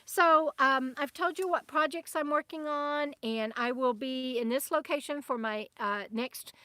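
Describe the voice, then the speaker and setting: A woman's voice: high-pitched, a little slow, sharp tone, no room sound. A woman hosting a casual live stream from her RV, chatting and laughing as she reads out viewer comments. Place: RV camp in the desert.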